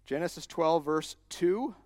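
A man preaching a sermon as a pastor, emphatic and rising to loud repeated declarations. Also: on the high side, expressive, unhurried, studio quality. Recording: long hall reverb.

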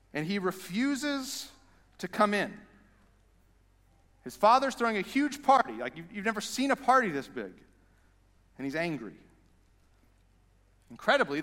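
High, bright-voiced preaching pastor. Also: male voice, in a large hall. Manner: conversational, animated preaching. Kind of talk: sermon.

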